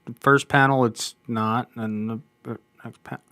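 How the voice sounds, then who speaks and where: A man co-hosting a comic book review podcast, talking in an animated, enthusiastic, casual way. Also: mid-range voice, unhurried, smooth, dry recording.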